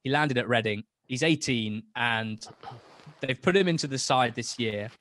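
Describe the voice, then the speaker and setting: A young man with a mid-range, fairly bright voice chats at a moderate pace as a guest on a football podcast. He's enthusiastic and rambling, often breaking off to begin sentences again.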